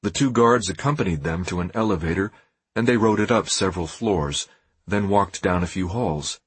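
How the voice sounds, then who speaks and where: A man reading an audiobook in a dramatic, expressive scripted narration. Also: sits low, moderate pace, slightly rough, no echo.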